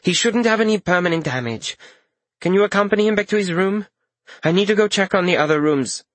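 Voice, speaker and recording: A man's voice: high-pitched, expressive, fairly quick, fairly bright tone, no echo, voice pushed up. A man voicing a curt, clinical woman healer giving firm instructions in an audiobook. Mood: brisk.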